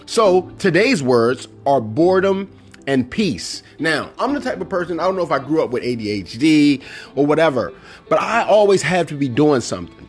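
A man's voice: fairly high pitch, normal speed, soft background music. A middle-aged man hosting a casual solo podcast, talking animatedly and acting out movie lines. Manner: animated, quotes movie lines in put-on voices. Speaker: podcast host.

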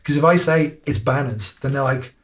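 A man's voice: mid-range voice, normal speed. A young English man, a musician guest, chatting casually in an interview with wry, self-deprecating humour and easy laughter.

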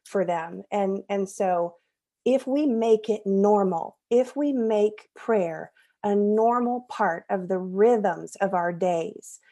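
Here a thirtysomething woman, guesting on a podcast, recounts a family tale in a sincere, chatty manner with the odd self-directed laugh. Her pitch sits in the middle, her tone is warm, and she speaks slowly.

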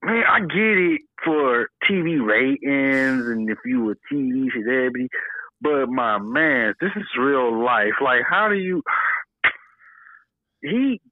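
A man co-hosting a casual comedy podcast, animated and profane, laughing often. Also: mid-range voice, takes it slowly, no room sound. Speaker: podcast co-host. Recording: tinny phone-like sound.

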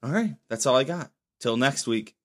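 A young adult man hosting his own podcast, rambling casually and swearing freely while sipping beer. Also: normal speed. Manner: rambling, profane, lively pitch swings. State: drinking beer while recording. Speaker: podcast host. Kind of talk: casual solo podcast monologue.

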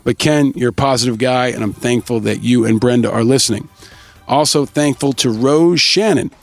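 A man hosting a podcast, upbeat as he reads out shout-outs and thanks to listeners in a casual scripted way. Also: mid-range voice, moderate pace, gravelly, faint music behind. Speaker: podcast host.

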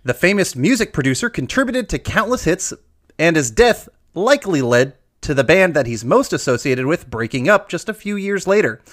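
A man hosting a trivia game, reading questions aloud and drawing out the verdicts. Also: on the high side. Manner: lively, drawn-out emphasis on answers. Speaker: quiz host.

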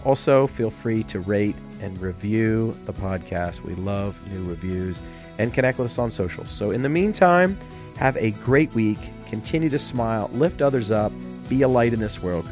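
A man's voice: lowish voice, a little mellow. A man co-hosting a podcast in casual chat, upbeat and encouraging as he signs off. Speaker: co-host.

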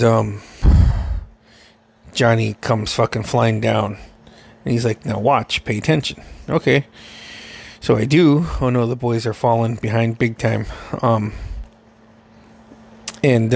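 Brief: male podcast host, gravelly voice, mid-pitched, loose and profane storytelling. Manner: profane, rambling, laughing often. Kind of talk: casual storytelling.

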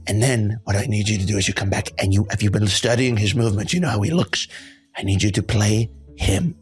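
A man's voice: lowish voice, fairly quick, soft background music. Pompous man playing his character. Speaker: player. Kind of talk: in-character role-play.

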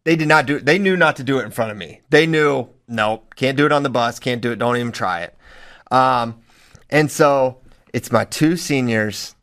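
A man who coaches high school wrestling, telling stories in casual podcast chat and laughing often. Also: moderate pace. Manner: animated storyteller, laughs often.

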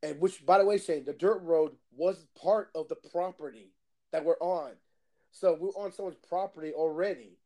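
A man telling a story in casual chat, animated and swearing, acting out the voices of the people in it. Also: on the high side, moderate pace. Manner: animated, swearing, acts out voices in his stories.

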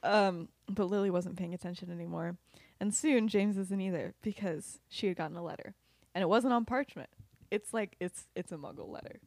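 A woman's voice: lowish voice, moderate pace, a little mellow, no room sound. A young woman hosting a podcast, retelling a story casually with lots of giggles and fillers. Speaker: podcast host.

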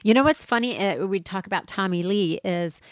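A woman's voice: medium pitch, normal speed, dry recording. A woman co-hosting a casual chat, gushing and enthusiastic. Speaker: co-host.

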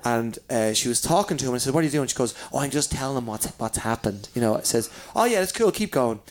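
A man, a comedian, spinning lively stories in a relaxed pub chat. He swears a lot and slips into the voices of the people he's describing, at a middling pitch. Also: quick pace. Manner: swears freely, animated storyteller acting out voices. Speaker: comedian guest. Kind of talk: casual storytelling chat. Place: downstairs in a pub.

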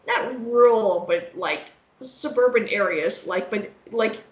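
A woman chatting casually, telling stories with lively acted-out voices and frequent swearing. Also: mid-range voice, slow pace. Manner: animated storyteller, acts out voices, curses freely. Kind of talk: casual chat. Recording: roomy echo, dull lo-fi sound.

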